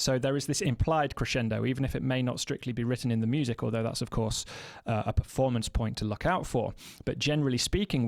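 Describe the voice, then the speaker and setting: A man teaching snare drum technique in a measured, explanatory way, counting beats aloud and now and then correcting himself. His mid-pitched voice is recorded dry and close, with no room around it. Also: no room sound. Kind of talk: instructional music lesson.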